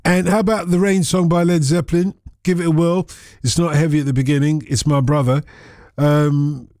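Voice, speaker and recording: Brief: male phone-in host, joking and meandering, slightly high voice, close dry studio sound. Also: level tone, normal speed, darkish tone, no room sound. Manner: rambling, jokey, self-deprecating. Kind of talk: casual live radio banter. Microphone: studio microphone.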